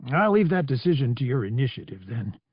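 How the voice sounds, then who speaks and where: A man voicing a gravelly elderly alien admiral who speaks formally and courteously, in an audiobook. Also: mid-range voice, big pitch swings, no room sound, muffled recording. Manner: formal, measured speech.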